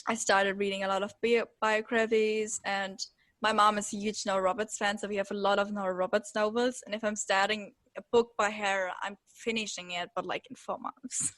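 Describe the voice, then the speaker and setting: A woman's voice: mid-range voice, level tone, moderate pace, fairly bright tone, dry recording. A teenage girl from Germany, a German native speaker, interviewing a writer in a casual, hesitant and giggly way. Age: late teens. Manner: hesitant, giggly, many fillers.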